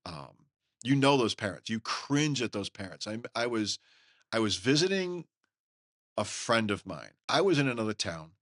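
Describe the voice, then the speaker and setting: A middle-aged man hosting a podcast, talking in an emphatic, folksy, opinionated way and mimicking others in quick asides. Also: on the low side, big pitch swings, a bit bright, no echo, clean studio sound. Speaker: podcast host. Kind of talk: opinionated solo podcast talk.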